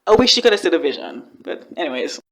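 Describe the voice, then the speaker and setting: A woman's voice: deep voice, very animated, fast talker, a bit bright. A woman hosting a reaction video, chatting casually and emotionally, often exclaiming and repeating words for emphasis.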